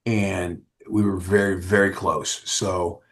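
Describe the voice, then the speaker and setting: A man's voice: low-pitched, slow. A man, a rock singer, telling stories in a casual interview and acting out what others said. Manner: animated storyteller who acts out others' lines.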